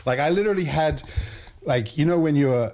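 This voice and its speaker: A man's voice: on the high side, fairly quick, darkish tone, slight background noise. A man hosting a casual livestream chat, joking around and laughing often as he tells rambling stories. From Australia. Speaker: livestream host.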